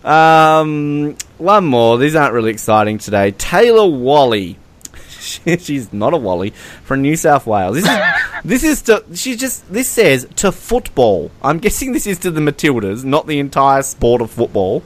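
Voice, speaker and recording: A man's voice: a little high, big pitch swings, moderate pace. A young man co-hosting a casual podcast, laughing often and mocking the fan messages he reads aloud. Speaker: podcast co-host. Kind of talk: casual chat.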